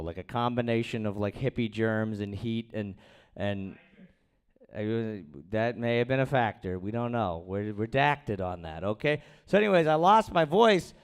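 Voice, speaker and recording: A man's voice: fairly low pitch, smooth. A man doing a crude, rambling, self-deprecating stand-up set at an open mic in a small comedy room, speaking into a handheld stage mic.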